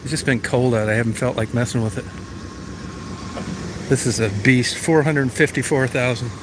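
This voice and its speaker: A middle-aged man talking casually outdoors next to his old van, in a plain, folksy way with some mild cursing. His voice sits at an ordinary middle pitch. Engine and outdoor noise run clearly behind him. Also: normal speed. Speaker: vlogger. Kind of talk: casual chat. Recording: noisy outdoor recording with engine sounds. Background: vehicle and engine noise.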